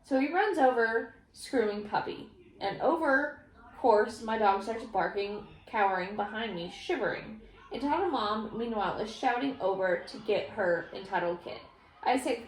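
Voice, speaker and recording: A woman vlogger reading stories aloud in a casual, animated way, often laughing. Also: mid-range voice, normal speed. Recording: echoey room.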